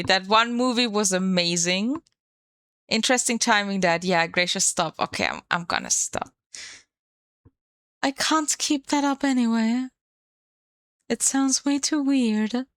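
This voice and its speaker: A woman's voice: mid-range voice, a little slow, fairly bright tone, clean tone, no room sound. A woman streamer chatting casually on a live stream, playful and swearing freely into a desk microphone.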